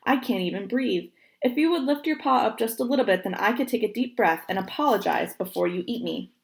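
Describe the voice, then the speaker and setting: A woman voicing a small, quick-witted male squirrel in a storybook reading. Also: on the high side, lively intonation, gravelly. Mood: pleading.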